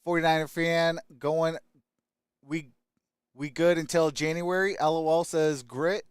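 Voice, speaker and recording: A man's voice: a little high, steady tone, unhurried, clear, resonant tone, dry recording, studio quality. Upbeat man hosting a live stream. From Michigan. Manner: upbeat, greets viewers by name, frequent "hey". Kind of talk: casual live-stream chat reading comments.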